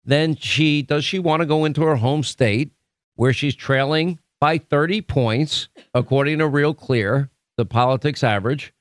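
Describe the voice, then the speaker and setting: A man's voice: a little high, a little slow, dry recording, studio quality. A man hosting a talk radio show, giving an opinionated monologue in a conversational, emphatic way with frequent restarts. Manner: conversational, emphatic, self-correcting. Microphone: studio microphone.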